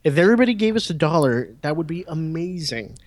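A man's voice: a little high, animated, fast, no room sound. A man hosting a casual podcast, joking and rambling with friends. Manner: joking, rambling, laughs often. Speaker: podcast host.

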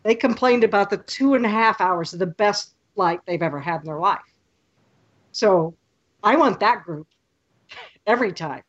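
A woman guest on a podcast, telling lively stories and acting out what people said. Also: medium pitch, normal speed, pauses often, dull audio. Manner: lively storyteller, acts out quotes. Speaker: podcast guest, photography tour leader. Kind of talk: casual podcast chat.

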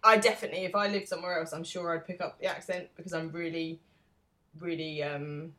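A woman's voice: lowish voice, fairly even intonation, a little fast, fairly bright tone. An English woman co-hosting a podcast in casual chat, talkative, laughing easily and asking her co-host questions. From England. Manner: chatty, laughs often, asks questions.

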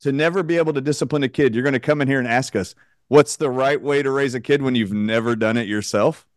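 A male radio host telling an animated anecdote, acting out the voices of the people in it, with a joking, outspoken manner. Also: medium pitch, quick pace, dry recording, studio quality. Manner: animated anecdote-teller who acts out quotes. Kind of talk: storytelling on a radio talk show.

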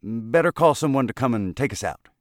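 Pompous, rattled lobbyist with a mustache, sharp and quick, done by a male reader. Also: medium pitch, expressive, dry recording, clean studio sound, voice pushed up, natural voice. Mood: sharp, nervous. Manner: sharp, demanding.

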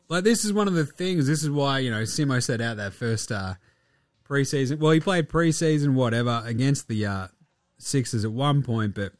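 A man's voice: mid-range voice, no room sound, clean studio sound. An Australian man hosting a basketball podcast, chatting casually in a jokey, rambling way with plenty of swearing. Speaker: podcast host.

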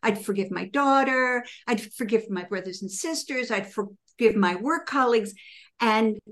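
A middle-aged woman, a composer, telling personal stories in an interview and acting out her own past words with lively emphasis. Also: fairly high pitch, a little slow. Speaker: composer and author, guest. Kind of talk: conversational interview storytelling.

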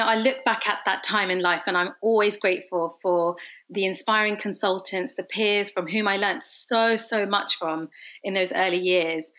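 A London-born dentist in her thirties speaks in a mid-range, slightly bright voice; her English accent has picked up a slight Scottish twang. As a guest in a conversational interview, she comes across as reflective and earnest, using many fillers.

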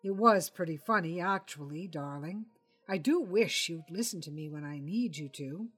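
A man's voice: on the high side, animated, moderate pace, a bit bright, husky, faint music behind. A woman reading a pompous fussy male writer. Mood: exasperated. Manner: pompous, exasperated. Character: fussy self-important male crime writer.

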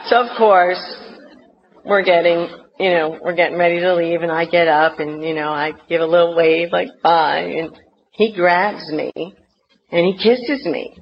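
A woman's voice: fairly low pitch, unhurried. Woman, middle-aged, New Jersey accent, comic storyteller at a recovery meeting, dull lo-fi sound. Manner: lively comic storyteller, acting out her past outbursts. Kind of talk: humorous personal story talk. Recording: dull lo-fi recording with faint noise.

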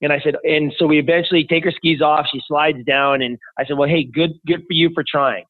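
A man's voice: a little high, fairly even intonation, a little fast, no echo. A man, a podcast guest, telling personal stories with enthusiasm. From Canada. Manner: enthusiastic anecdotal storyteller. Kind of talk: conversational interview. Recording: tinny phone-like remote line.

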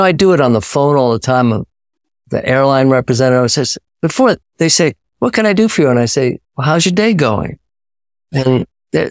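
A man's voice: a little high, no room sound, studio quality. A man from New York, speaking as an author and guest in a casual interview, reflective, with frequent restarts. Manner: reflective, many restarts and repetitions.

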